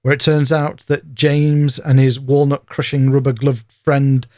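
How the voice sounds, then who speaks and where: An English man co-hosting a podcast, recapping scenes in a steady narrating way during casual chat. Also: mid-range voice, a little slow. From England. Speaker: podcast co-host.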